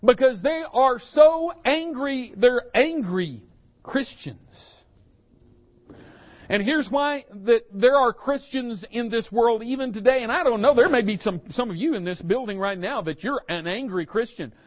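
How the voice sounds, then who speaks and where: A pastor preaching a sermon, acting out the story's characters with rising and falling intensity. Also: male voice, very high-pitched, normal speed, few pauses, dull audio.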